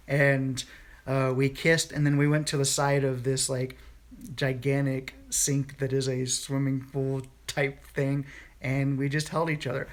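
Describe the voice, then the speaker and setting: A man's voice: on the high side, little pitch movement, normal speed. A man in his thirties telling a dream story in a casual morning vlog from bed, rambling with many fillers and restarts. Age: 30s. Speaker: vlogger. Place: home, in bed.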